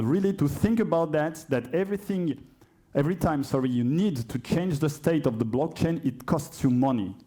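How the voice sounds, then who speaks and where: Speaking in a dark, mid-range voice, a French-accented man demos code live at a conference hall. He often hesitates, corrects himself and adds chatty asides.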